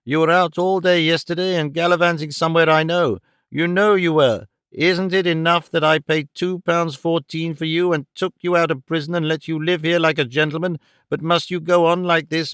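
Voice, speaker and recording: Shrill scolding woman played by a male reader, smooth tone, dry sound. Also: fairly even intonation, moderate pace, fairly bright tone, dry recording, close to an everyday voice. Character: shrill furious working woman, buxom and scolding.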